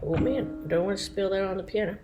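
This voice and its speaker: A woman's voice: medium pitch, fast talker, warm tone, a little hiss or hum. A woman chatting casually to online viewers from home, laughing often and wandering into asides. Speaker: livestream host. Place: home, indoors.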